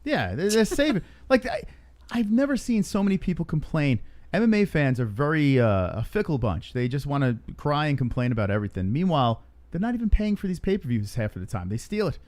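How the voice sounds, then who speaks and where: Teasing man with a lively voice. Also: fairly high pitch, a little fast. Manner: teasing, animated banter. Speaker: co-host. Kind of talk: casual chat.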